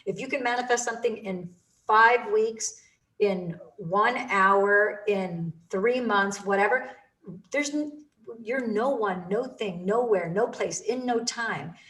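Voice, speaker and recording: A woman speaks with enthusiastic, emphatic energy, pressing her points with repetition in a motivational talk. Her voice sits at an ordinary middle pitch. She sounds a little away from the microphone. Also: slow, a bit bright, recorded from a distance, rough recording.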